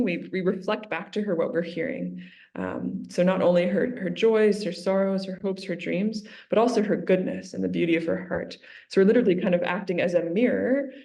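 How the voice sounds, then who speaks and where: Woman religious sister, earnest storyteller with a slight gravelly voice. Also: mid-range voice, moderate pace. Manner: earnest, repeats herself, retells quotes lively. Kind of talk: interview, storytelling.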